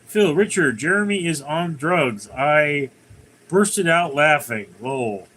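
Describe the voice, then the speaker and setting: A man's voice: on the high side, animated, slow, fairly bright tone, a little hiss or hum, low-quality recording. A man hosting a casual livestream, reading viewer comments aloud and answering them in a rambling, conversational way. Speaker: livestream host.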